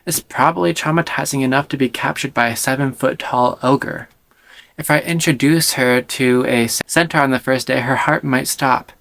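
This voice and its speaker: A man's voice: mid-range voice, moderate pace, vocal fry, a bit bright. A man voicing a brooding male ogre captor, paraphrasing him matter-of-factly. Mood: firm.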